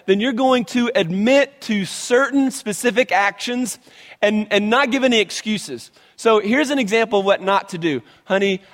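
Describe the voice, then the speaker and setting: Male pastor, animated conversational sermon, higher voice, reverberant hall. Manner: animated, conversational preaching with many restarts.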